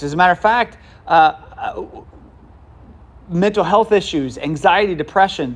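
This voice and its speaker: A man preaching a sermon in a conversational way, with asides, restarts and questions to the congregation. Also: sits high. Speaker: pastor.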